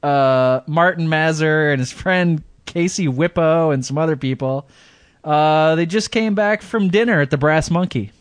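A man's voice: fairly high pitch, unhurried, dry recording. A man co-hosting a podcast in casual chat, rambling through a story and chuckling often. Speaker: podcast co-host.

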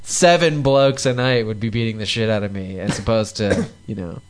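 A man's voice: on the low side, normal speed, clear, resonant tone. A man from Michigan co-hosting a podcast, cracking jokes and laughing often in casual chat. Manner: laughing, wisecracking. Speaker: podcast co-host.

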